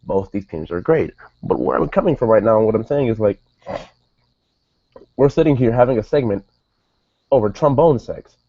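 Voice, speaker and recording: This wrestling show reviewer talks casually and at length, straying off topic and correcting himself as he goes. His expressive voice sits on the low side, with a moderate pace and long pauses. The audio is dry, dull and lo-fi.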